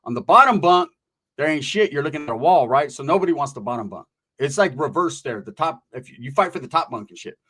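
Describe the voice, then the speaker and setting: A man from Northern California telling a casual story, animated and profane, acting out the voices of the people in it. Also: a little high, fast talker, breathy edge.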